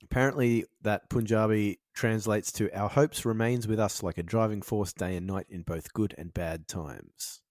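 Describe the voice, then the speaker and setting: A man's voice: lowish voice, steady tone, moderate pace, few pauses, a little mellow, no room sound. A man co-hosting a podcast, teasing the others in a dry, understated way. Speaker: podcast co-host. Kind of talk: casual comedic chat.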